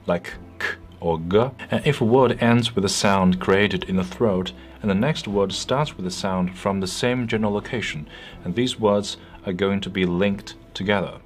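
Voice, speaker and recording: A man narrating a scripted pronunciation lesson in a clear, patient, explanatory way. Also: fairly low pitch. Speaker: English pronunciation teacher.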